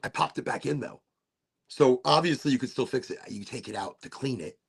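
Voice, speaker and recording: A man's voice: medium pitch, a little fast, gravelly, husky. A middle-aged man casually demonstrating a vaporizer on a livestream, playful and prone to silly asides.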